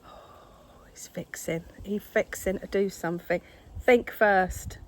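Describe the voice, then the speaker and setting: A woman's voice: medium pitch, little pitch movement, unhurried, a little mellow, in a whisper. An older woman, chatting casually to camera at her craft table at home, scolding her cat in exasperation. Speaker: craft vlogger.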